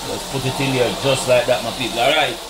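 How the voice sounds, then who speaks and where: A man talks his viewers through a home cooking demonstration at a relaxed, mid-range pitch. He keeps addressing the audience directly and chats as he works. A steady hum of background noise fills the kitchen recording. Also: brisk. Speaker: cooking vlogger.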